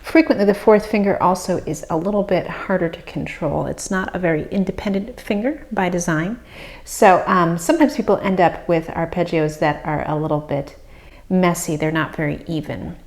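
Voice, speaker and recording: A woman harp teacher calmly explaining practice techniques, with soft fillers between phrases. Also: lowish voice, normal speed. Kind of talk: instructional explanation. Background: harp playing.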